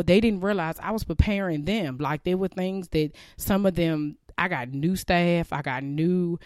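A woman's voice: lowish voice, measured pace, hardly any pauses, darkish tone, smooth, no echo. Woman host, casual heartfelt faith talk, close dry sound, teary and candid. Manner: candid, emotional, chatty with many fillers. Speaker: podcast host.

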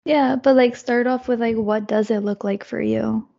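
Gravelly, mellow-voiced woman in conversation. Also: fairly high pitch, moderate pace, dull audio. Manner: thoughtful, says she speaks in a monotone. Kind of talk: reflective casual conversation.

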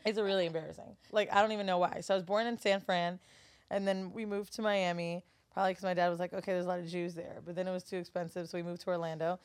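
A woman's voice: fairly low pitch, level tone, fast talker. A woman from Florida, a podcast guest and studio owner, telling stories in casual conversation with blunt, profane humor and acted-out quotes. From Florida, USA.

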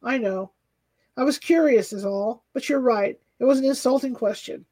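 A woman reading an audiobook, voicing a proud, sharp-tongued older wife with quick, waspish retorts. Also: sits high. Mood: conciliatory. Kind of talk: audiobook character voice.

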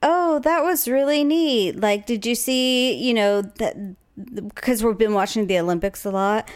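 A woman with a fairly high voice talks in casual chat. She is chatty and agreeable, chiming in before she tells a story of her own. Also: unhurried, clean tone.

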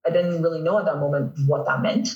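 A young man in his twenties with a Canadian accent, telling stories as a guest in a casual interview, animated and laughing often. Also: fairly high pitch, fast, dull audio. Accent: Canadian English. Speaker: guest, pro volleyball player. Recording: echoey, from a distance.

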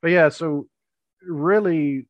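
A man's voice: a little high, takes it slowly, no room sound. A man co-hosting a wrestling podcast in casual, rambling chat. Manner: chatty, rambling, laughs often. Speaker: podcast co-host.

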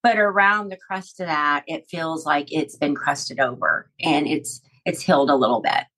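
A middle-aged woman speaking as an interview guest, her voice sitting a little low. She talks in a halting, emotional way, pausing often and filling gaps with small words. The delivery stays conversational and heartfelt. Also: a bit bright, low-quality recording. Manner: halting, emotional retelling with many fillers.

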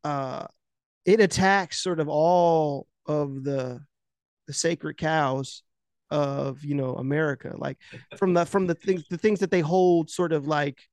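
Rambly guy, fairly high voice, tons of "like", swears a lot, dry close mic. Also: slow, smooth, dry recording. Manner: rambling with constant filler words, profane; animated, laughing retelling. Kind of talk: casual chat.

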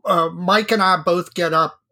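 A man's voice: sits high, steady tone, unhurried, bright, forceful tone. Easygoing male podcast co-host. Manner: easygoing, self-deprecating, chatty. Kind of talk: casual podcast chat.

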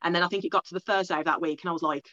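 A young woman from England tells her story at a rapid clip, stringing thoughts together with "like" and little acted-out quotes of herself. The sound is close and dry, with a slightly dull, lo-fi edge. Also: lowish voice, steady tone, pushed and bright, dry recording. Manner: fast, rambling, lots of "like" and quoted self-talk. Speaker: guest. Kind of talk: casual storytelling interview.

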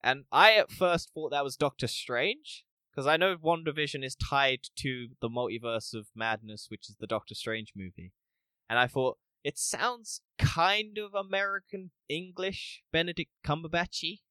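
A man co-hosting a casual podcast review, animated, acting out scenes and laughing often. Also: on the high side, moderate pace, clear, resonant tone, dry recording. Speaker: podcast co-host. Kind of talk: casual spoiler review chat.

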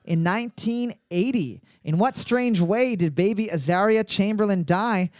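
A man's voice: sits high, a little slow, a little mellow, dry recording, studio quality. A man hosting a live trivia night, cracking jokes and repeating each question. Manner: joking, reads questions twice, swears freely. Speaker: trivia host.

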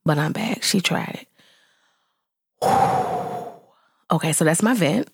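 A woman in her thirties, a mother vlogging to her viewers, telling a story in casual chat and venting with exasperated, animated exclamations. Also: on the low side, takes it slowly, creaky, long pauses, breathy edge, no room sound, studio quality.

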